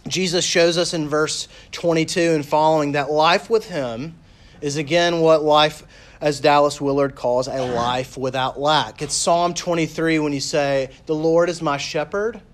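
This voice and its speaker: A man preaching a sermon as a pastor, talking casually with lots of "like" and "you know", and reading scripture slowly and softly. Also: a little high, fairly even intonation. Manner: conversational, with fillers like "like" and "you know".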